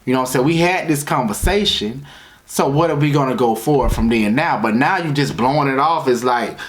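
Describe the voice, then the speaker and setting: A man giving a casual, opinionated review of a reality TV episode, talking in slang with animated emphasis. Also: medium pitch, fairly quick. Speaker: TV show reviewer. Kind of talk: casual commentary.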